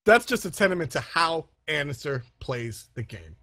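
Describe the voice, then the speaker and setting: A man's voice: a little high, big pitch swings, moderate pace, creaky, bright, forceful tone, no echo, studio quality. Giggly, chatty male esports caster. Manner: chatty, laughs often, restarts sentences. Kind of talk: play-by-play commentary.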